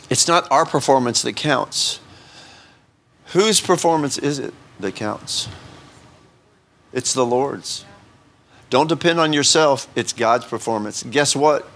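A pastor preaching an informal sermon in a conversational, joking way, often asking the congregation questions. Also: male voice, medium pitch, takes it slowly, pauses often, a bit bright.

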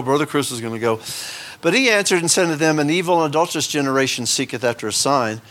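A man preaching a sermon in a church. He lifts his voice for scripture and drops into chatty asides. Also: fairly bright tone. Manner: rises in pitch for emphatic scripture passages, drops into asides. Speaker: pastor. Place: church sanctuary.

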